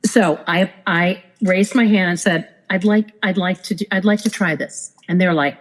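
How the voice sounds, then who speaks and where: A woman's voice: medium pitch, normal speed, few pauses, poor audio. A woman, a former cruise director, telling stories in a casual podcast chat and acting out the people she quotes. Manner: animated, acts out quoted people. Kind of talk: casual storytelling.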